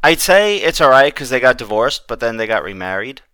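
A man with a bright, smooth voice co-hosting a podcast, easygoing and rambling as he talks. The sound is dry, with no room echo. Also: mid-range voice, very animated, fairly quick. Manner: laid-back, rambling storyteller. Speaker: podcast co-host. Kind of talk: casual podcast banter.

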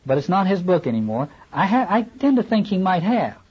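A man's voice: high-pitched, big pitch swings, fairly quick, breathy edge, lo-fi sound. A man lecturing on literature, reading passages aloud and adding wry asides.

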